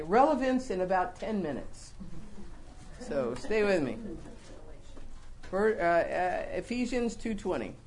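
A woman teaching a Bible lesson to a congregation in a conversational, lively way, often repeating words as she explains. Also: lowish voice. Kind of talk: sermon-style Bible teaching.

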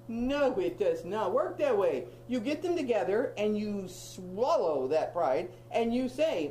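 A woman's voice: medium pitch, expressive, unhurried, darkish tone, a little hiss or hum, poor audio. A woman in her fifties teaching a Bible study group, emphatic and repetitive, with humorous asides.

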